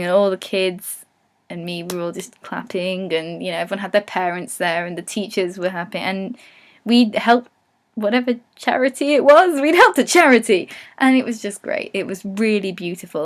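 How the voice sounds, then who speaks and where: Young Englishwoman with a regional accent, a vlogger chatting candidly, quick to swear in mock rants. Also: fairly low pitch. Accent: English regional, non-RP. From England. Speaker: vlogger answering follower questions. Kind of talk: casual chat.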